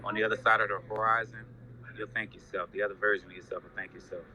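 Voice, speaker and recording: A man's voice: on the low side, fairly even intonation, racing, pushed and bright. A man dropping into a casual online audio chat with upbeat, hype-filled encouragement from a noisy restaurant. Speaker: listener joining the chat.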